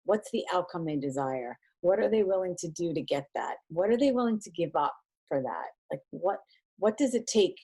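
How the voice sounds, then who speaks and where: A woman in her thirties, a guest on an interview podcast, talking casually and acting out quoted exchanges. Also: normal speed. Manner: animated, acts out quoted exchanges in a higher voice. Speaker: podcast guest, triathlete and mindset coach.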